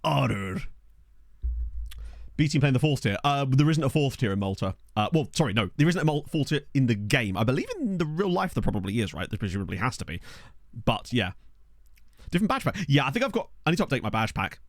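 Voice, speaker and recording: A male game streamer chatting casually with his viewers over a desk microphone, thinking aloud as he goes. His pitch swings around a lot, and the recording is dry and close with almost no room sound. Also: very animated, quick pace, no echo.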